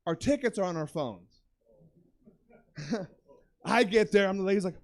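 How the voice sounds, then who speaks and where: Young male stand-up, very high and lively voice, animated profane storytelling on a club stage mic. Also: measured pace, long pauses. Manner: animated, profane storytelling, bursts into shouted impressions. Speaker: stand-up comedian. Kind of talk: stand-up comedy set.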